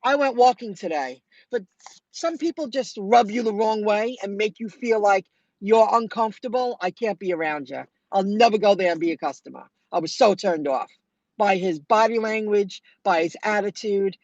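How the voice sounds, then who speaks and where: A woman's voice: mid-range voice, normal speed, dry recording. Chatty woman vlogger, dry dull sound. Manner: chatty, animated retelling with quoted dialogue. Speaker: food delivery driver vlogger. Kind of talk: casual storytelling to viewers.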